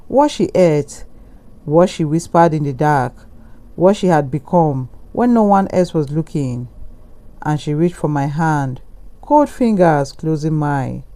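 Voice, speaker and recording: A man reading a first-person horror story in a steady, brooding narration. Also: a little high.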